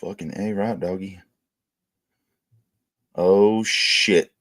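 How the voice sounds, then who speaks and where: A man's voice: sits low, fairly even intonation, extremely slow, a bit bright. A man hosting a livestream, ranting crudely and swearing constantly in casual chat. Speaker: livestream host. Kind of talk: casual profane streaming rant.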